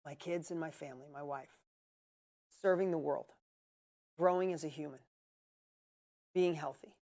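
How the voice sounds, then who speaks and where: A man's voice: fairly high pitch, moderate pace, warm tone. Blunt, emphatic male coach. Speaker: business coach and host. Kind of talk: live coaching Q&A.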